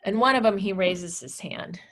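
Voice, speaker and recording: A woman teacher telling a class story in an animated, blunt and candid way. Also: medium pitch, moderate pace. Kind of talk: storytelling lecture.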